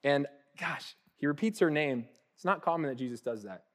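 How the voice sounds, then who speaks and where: A man in his thirties, a pastor giving a relaxed, conversational sermon that swings between lively acted-out asides and soft, hushed moments. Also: fairly high pitch, normal speed. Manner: casual and animated, acting out little voices, with laughs and soft hushed asides.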